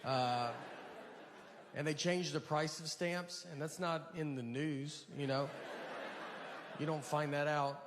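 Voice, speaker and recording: Deadpan man doing stand-up in a hall. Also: a little high. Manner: deadpan, halting, rambling storytelling. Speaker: stand-up comedian. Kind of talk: stand-up routine. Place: large venue with a live audience. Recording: live stage mic in a reverberant hall with audience noise. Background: audience laughter.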